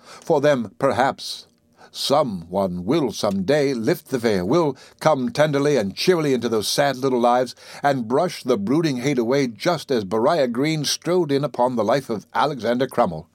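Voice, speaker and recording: A man narrating literary prose in a measured, expressive reading that slows and quickens for effect. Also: medium pitch, dry recording. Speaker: audiobook reader.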